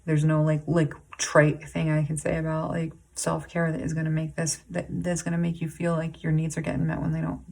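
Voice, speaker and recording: A woman giving an intuitive tarot reading to camera, halting and rambling with many "like"s and restarts, emotionally intense and pausing to sigh and breathe. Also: sits low, creaky, darkish tone, slight background noise. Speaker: tarot reader.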